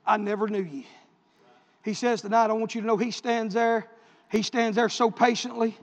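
A man preaching a sermon, telling stories with passion and swinging between loud and hushed delivery. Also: extremely high pitch, flat delivery, moderate pace. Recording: echoey hall, dull lo-fi sound.

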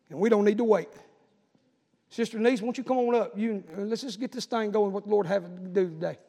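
A preacher with a high, gravelly voice tells a story and then calls his flock forward with mounting urgency. His words ring out through a church hall with a long reverb. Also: a little mellow. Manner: storytelling and exhorting, building to urgent appeals. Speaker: pastor. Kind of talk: sermon.

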